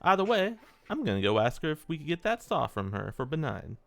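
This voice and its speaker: A man's voice: a little high, sing-song, brisk, vocal fry, dry recording. A man playing a tabletop role-playing game, talking in a polite, folksy way in character. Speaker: player.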